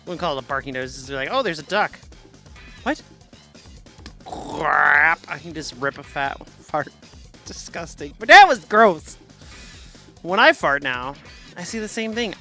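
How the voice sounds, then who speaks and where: A woman's voice: medium pitch, pushed and bright. A woman streamer in casual chat, rambling and joking, often laughing at herself.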